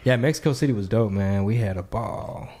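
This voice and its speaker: A man hosting a casual podcast, cracking jokes and swearing freely in quick asides. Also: on the low side, warm tone, slight background noise. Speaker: podcast host.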